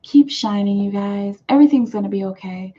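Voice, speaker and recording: This woman speaks in a mid-range, slightly rough voice while hosting a tarot live stream. She wanders casually from topic to topic as she reads out what viewers write, peppering her talk with "like" and short laughs. The audio sounds muffled and lo-fi, typical of a live stream.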